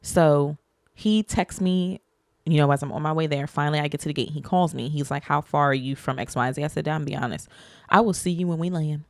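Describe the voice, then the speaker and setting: A woman's voice: brisk, no echo. A woman podcast host telling a personal story in casual chat, acting out the people she quotes with sudden jumps in her voice. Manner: animated, acts out quoted people with pitch jumps.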